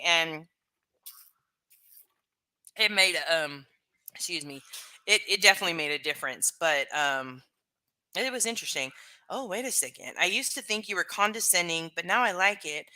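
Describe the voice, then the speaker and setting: Bright-voiced woman chatting frankly on stream. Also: on the low side. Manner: rambling, frank, full of "like" and "you know". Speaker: livestream host reading chat. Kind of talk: casual livestream chat.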